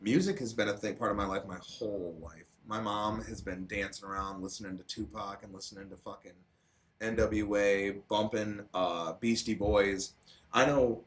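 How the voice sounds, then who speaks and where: A man's voice: fairly low pitch, normal speed. A young man co-hosting a live stream, chatting loosely and swearing, with lots of laughter. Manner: loose, profane, laughing storyteller. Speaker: stream co-host. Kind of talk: casual stream chat.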